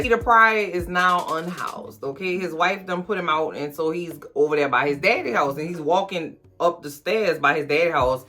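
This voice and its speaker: A woman's voice: sits low, a bit bright. A woman host casually recapping a TV episode, chatty and slangy, talking straight to her viewers while a little tipsy. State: tipsy from drinking.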